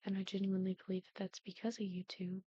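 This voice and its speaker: A woman's voice: mid-range voice, monotone, quick pace, mellow, no echo. A young woman YouTuber chatting casually over gameplay, rambling with frequent ums. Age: young adult. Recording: dull lo-fi dry sound.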